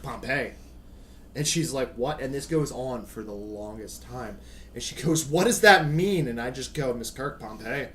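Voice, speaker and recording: A young man on a podcast, telling a story in animated casual chat with laughs. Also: medium pitch, a little hiss or hum. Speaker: podcast host.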